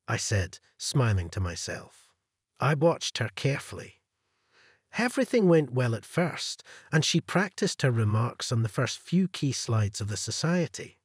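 A man narrating a first-person revenge story in a cold, measured way, with a husky voice. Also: mid-range voice, sing-song, no room sound, studio quality.

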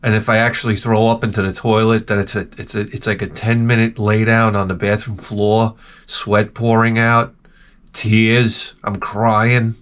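A man's voice: fairly low pitch, little pitch movement, unhurried, a bit bright. A middle-aged man telling rambling, self-mocking stories with casual swearing as a video host.

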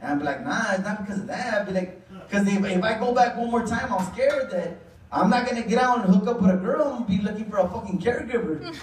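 His voice sits high, expressive and a little fast, as this Chicano English-accented comedian delivers a rambling, profane set that pokes fun at himself on a club stage. Laughter from the audience fills the roomy space, picked up by a far-off mic with slight background noise.

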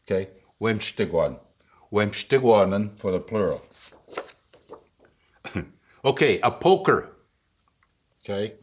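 A man's voice: lowish voice, expressive, takes it slowly, pauses often, slightly rough. A man giving a casual vocabulary lesson, patient and chuckling often, checking in with the listener after each word. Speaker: language teacher.

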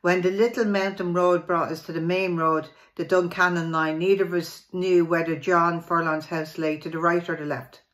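A woman reads a local history memoir aloud. Her voice sits a little low, and her reading is plain and steady. Now and then she stumbles and restarts a word. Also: normal speed, hardly any pauses.

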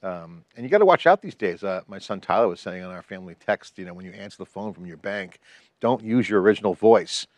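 Low-voiced man chatting about tech. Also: animated, fast talker, no echo. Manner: rambling, chatty, restarts phrases. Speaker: podcast co-host. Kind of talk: casual tech chat.

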